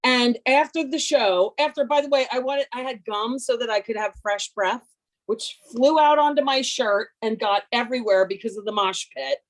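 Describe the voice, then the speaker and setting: A woman in her fifties telling a comic story over a video call, brash, animated and self-mocking. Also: a little high, normal speed. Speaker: workshop participant.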